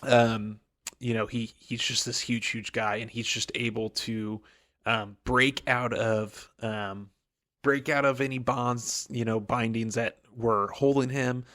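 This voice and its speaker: A man's voice: medium pitch, steady tone, takes it slowly, a bit bright. A man co-hosting a book podcast, retelling the chapter in casual chat and briefly acting out the characters' lines. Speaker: podcast co-host.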